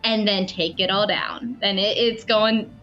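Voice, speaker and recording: Slow-talking woman player, dull mic. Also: mid-range voice, fairly even intonation, sharp tone, soft background music. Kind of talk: casual game chat.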